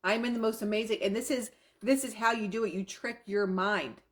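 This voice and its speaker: A woman's voice: medium pitch, steady tone, fairly quick. Enthusiastic woman coaching affirmations. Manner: enthusiastic, swears casually, repeats affirmations. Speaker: self-help coach. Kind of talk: live coaching talk.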